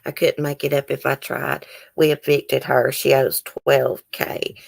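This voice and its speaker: A woman talks casually to her live-stream audience, reading comments aloud as she goes. Her voice sits low for a woman. She keeps an easygoing, chatty manner. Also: little pitch movement, measured pace, vocal fry. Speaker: YouTube host.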